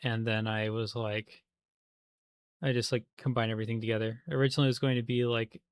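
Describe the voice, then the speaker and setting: A man's voice: medium pitch, flat delivery, fairly quick, smooth, no room sound. A man chatting casually on a livestream while he plays a game, rambling with many fillers and restarts.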